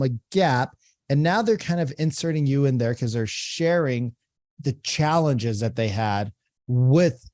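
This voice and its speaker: A man's voice: medium pitch, warm tone, no room sound, clean studio sound. A man hosting a podcast, explaining sales-call technique in a coaching tone and often asking "right?". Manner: explanatory, repeats phrases, frequent "right?". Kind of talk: coaching commentary.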